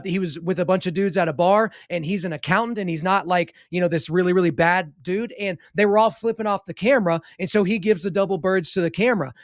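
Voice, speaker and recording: High-voiced man in his thirties hosting. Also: no room sound, clean studio sound. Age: 30s. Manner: friendly, chatty, fills in with short agreements. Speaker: podcast host. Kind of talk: casual conversational interview.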